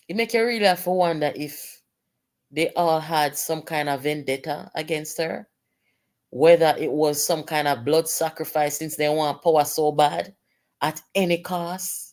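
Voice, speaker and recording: A Jamaican woman speaks as a political commentator in a slightly low voice. She is indignant and emphatic and keeps firing rhetorical questions at her listeners.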